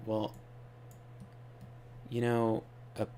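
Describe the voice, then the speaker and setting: A man's voice: fairly low pitch, monotone, drawn-out words, dark tone, slight background noise. A man hosting a gaming channel, telling rambling, offhand stories while he plays. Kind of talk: casual gaming commentary.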